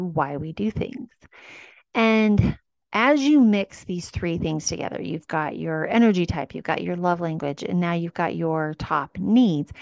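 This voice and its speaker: A woman's voice: on the low side, darkish tone, dry recording. Chatty woman podcast host, dry sound. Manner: chatty, acts out little dialogues with rising voice. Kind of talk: casual self-help talk.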